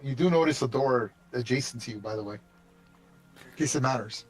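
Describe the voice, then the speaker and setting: A man's voice: medium pitch, moderate pace, faint music behind. A man running a tabletop game as game master, in a casual, chatty way that slips into light swearing.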